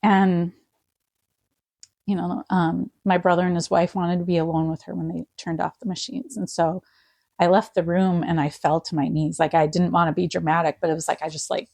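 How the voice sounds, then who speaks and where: A middle-aged woman, a podcast guest, quietly telling an emotional personal story with many pauses and fillers. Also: on the low side, little pitch movement, creaky, no echo.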